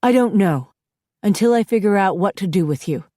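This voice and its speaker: A woman's voice: medium pitch, lively intonation, normal speed, dark tone, dry recording, clean studio sound, close to an everyday voice. A woman narrator voicing a stern, weary mother who is firm and sarcastic with her teenage daughter.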